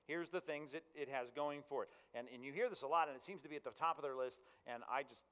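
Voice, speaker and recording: A man's voice: medium pitch, quick pace, a bit bright. Chatty male pastor in an echoing hall. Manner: conversational, checks in with the audience. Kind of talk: sermon. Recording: long reverb in a large hall.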